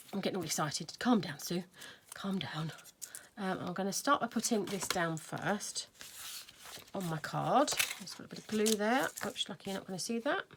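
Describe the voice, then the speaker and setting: A woman's voice: medium pitch, gravelly, noisy background. A woman hosting a casual crafting tutorial, chatting and thinking aloud as she works. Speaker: craft video host.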